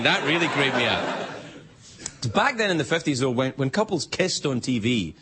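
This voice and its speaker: Playful Scottish late-night host. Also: male voice, mid-range voice. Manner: playful, teasing, joking. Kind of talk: comedy monologue. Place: TV studio before a live audience. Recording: loud studio audience laughter and noise.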